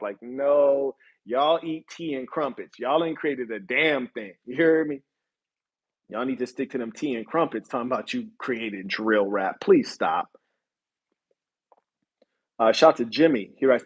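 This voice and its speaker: A man's voice: mid-range voice, unhurried, husky. A man hosting a livestream, talking in a blunt, brash and mocking way. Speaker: host. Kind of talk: livestream commentary.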